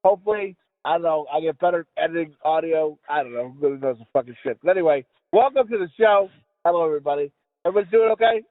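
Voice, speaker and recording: A man's voice: fairly high pitch, animated, quick pace, no room sound. Profane rambling man on a phone line. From United States. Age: middle-aged. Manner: rambling, heavy swearing, laughing. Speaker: podcast host. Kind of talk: casual profane chat. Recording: tinny phone line, dry.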